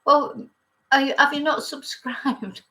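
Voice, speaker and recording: A middle-aged woman hosts a relaxed live chat. She rambles from thought to thought, greets commenters by name and laughs easily as she talks. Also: high voice, slow pace, poor audio. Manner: chatty and rambling, reads viewer comments, laughs often. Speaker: YouTube chat host. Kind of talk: casual live-chat talk.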